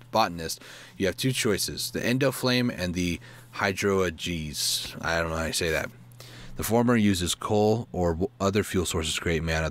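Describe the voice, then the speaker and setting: Low-voiced man reading a game guide aloud. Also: a bit bright. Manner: reads aloud haltingly, stumbling and self-correcting; asides and questions to himself between reading. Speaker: gaming channel host.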